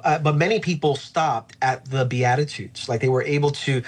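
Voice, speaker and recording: In a podcast-style interview, a middle-aged pastor talks with a medium-pitched voice at normal speed, barely pausing. His manner is earnest and thoughtful, and fillers come up often.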